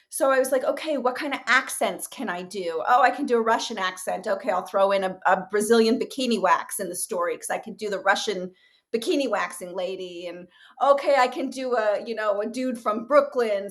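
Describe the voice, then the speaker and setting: A woman guest in a relaxed interview, talking about her writing in a fairly high voice. She is animated and chatty, with plenty of fillers, and she keeps jumping into quick asides. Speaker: interview guest, actress and writer. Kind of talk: casual interview talk.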